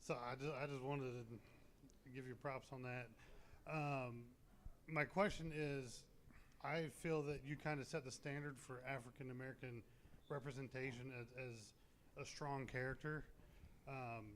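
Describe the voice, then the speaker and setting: A man in the audience asking the panel an enthusiastic, halting question and stumbling over his words. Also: mid-range voice, fairly even intonation, a little hiss or hum.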